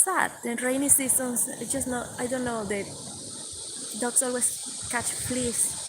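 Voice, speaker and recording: A woman's voice: on the high side, fairly even intonation, a little slow, background noise. A woman with a Venezuelan accent chatting casually on a live stream outdoors by the sea, greeting viewers by name. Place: seaside outdoors at sunrise. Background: waves on pebbles.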